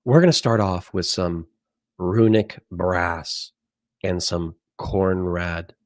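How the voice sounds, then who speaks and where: A man putting on the soft voice of a calm male TV painting instructor in whispered role-play, slow and gentle. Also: deep voice, dry recording, clean studio sound, voice pushed down. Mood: soothing.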